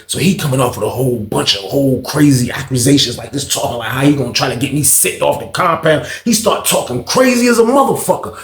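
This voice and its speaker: A man's voice: medium pitch, reverberant. A man telling a prison story in casual, profane storytime style, acting out what others said. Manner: animated, profane, acts out other people's lines. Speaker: storyteller, channel host.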